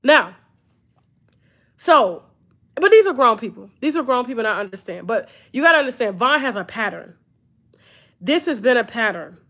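A woman, hosting a blunt, profane, animated storytime commentary. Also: on the high side, moderate pace, long pauses. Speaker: commentary channel host.

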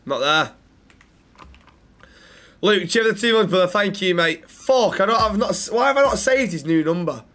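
Brief: male streamer, animated, sweary, voice a touch high. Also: moderate pace, long pauses. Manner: animated, swearing, mock-stern. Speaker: roleplay streamer and restaurant manager. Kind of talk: live-streamed game roleplay.

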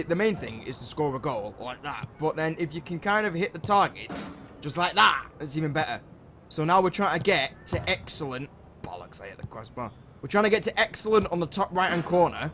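A young man, giving casual commentary while playing a football video game and shouting encouragement and curses at the players. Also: on the high side, slight background noise. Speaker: gaming channel host.

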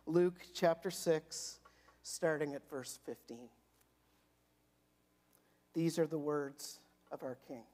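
Slow, low-voiced woman pastor preaching. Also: dark tone. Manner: slow, emphatic reading with nervous asides. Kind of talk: sermon with scripture reading. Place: church sanctuary.

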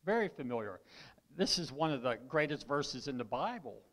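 Pastor with a tired, weakening voice. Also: male voice, mid-range voice, big pitch swings, normal speed, a bit bright. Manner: reads scripture aloud, throat clearing, repeats for emphasis. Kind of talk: sermon. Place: church.

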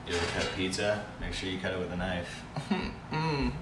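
A man's voice: low-pitched, normal speed, hardly any pauses, roomy sound, distant mic, noisy background. Goofy young man streaming live. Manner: goofy, joking, excitable. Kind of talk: casual live stream chat.

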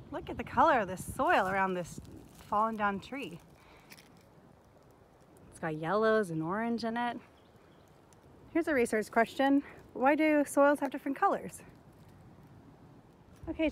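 A woman's voice: on the high side, lively intonation, a little slow, pauses often, slight background noise. A woman giving an outdoor nature lesson to children on a forest trail. She asks the viewers curious questions, recorded on a handheld phone. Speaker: teacher.

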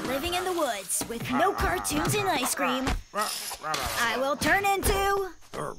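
A very high, bouncy cartoon rabbit, touchy and given to huffy, dramatic outbursts. The pitch leaps around with every complaint. Loud cartoon music plays underneath. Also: female voice, lively intonation, takes it slowly, vocal fry, heavily acted. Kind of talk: cartoon voice acting.

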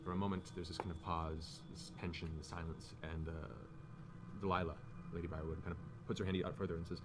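A man narrating a tabletop game as game master, with descriptive, fast narration. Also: low-pitched, flat delivery. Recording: noisy stream audio.

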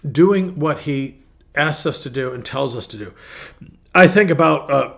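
Speaking a little slowly with a fairly high pitch, this male pastor delivers a casual devotional talk. He wanders in his thoughts, keeps correcting himself, and pauses to clear his throat.

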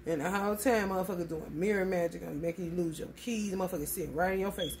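A woman's voice: on the low side, quick pace, darkish tone, a little hiss or hum. A woman giving a casual tarot reading, blunt and profane, calling her listeners honey. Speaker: tarot reader.

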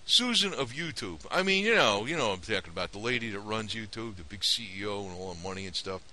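A man rambles through an indignant, conspiratorial rant to his viewers. His voice sits low but swings widely in pitch, with a sharp, tense edge. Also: animated, quick pace, slight background noise. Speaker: vlogger. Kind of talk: casual opinion rant to camera.

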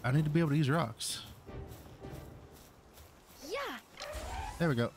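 A man's voice: fairly high pitch, a little slow, faint music behind. A man narrating his own gameplay as a gaming YouTuber, exasperated, talking to his creature companion. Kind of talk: Let's Play commentary.

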